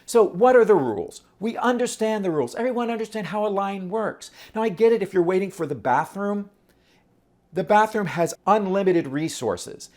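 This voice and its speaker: A man talking casually to camera, animated and rhetorical, often throwing questions at his audience. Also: high voice, moderate pace. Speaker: vlogger.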